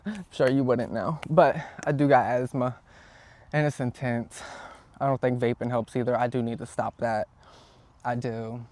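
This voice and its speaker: A young man chatting casually outdoors as he repots plants, excitable and quick to exclaim at things around him. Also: mid-range voice. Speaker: vlogger. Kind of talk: casual chat while gardening. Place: outdoors, yard.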